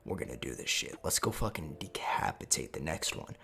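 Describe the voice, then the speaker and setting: A man doing a low, lazy crude sidekick. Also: big pitch swings, fairly quick, creaky, pushed and bright, exaggerated voice. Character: laid-back crude male sidekick.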